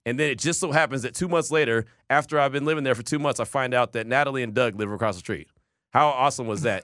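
Lively, bright-voiced male sports radio host. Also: mid-range voice, no room sound, clean studio sound. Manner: animated storyteller, shouts quoted voices. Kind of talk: casual sports talk radio chat.

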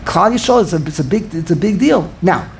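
Gravelly-voiced man teaching a Torah class. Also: high voice, lively intonation, brisk, slight background noise. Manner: thinks out loud, repeats phrases for emphasis, takes student replies. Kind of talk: informal Torah class lecture.

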